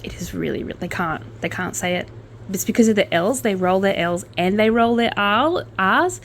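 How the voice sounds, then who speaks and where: A woman's voice: medium pitch, lively intonation, moderate pace, a little hiss or hum. A woman hosting a casual true-crime podcast, blunt and opinionated, with swearing and jokey asides. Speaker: podcast host.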